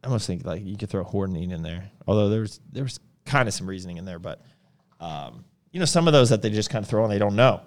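Man, podcast co-host, casual chat, animated pitch, rambling with fillers. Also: quick pace. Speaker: podcast co-host, supplement store owner.

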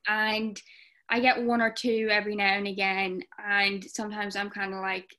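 A woman's voice: mid-range voice, level tone, normal speed, pushed and bright. A young Irish woman guesting on a podcast, chatting casually with lots of fillers and acting out quotes. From Ireland. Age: young adult. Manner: chatty, many fillers, acts out comments in quoted voices. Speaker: guest content creator.

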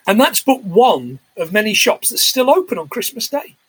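A man's voice: sits high, sing-song, normal speed, husky, no echo. A man co-hosting a podcast, chatting casually and acting out film lines in put-on voices. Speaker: podcast co-host. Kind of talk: casual chat recapping a film.

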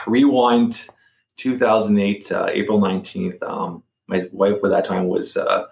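A man's voice: fairly low pitch, level tone, unhurried, creaky, echoey room. A middle-aged man telling a personal story as a podcast guest. He talks casually, repeats words and restarts sentences.

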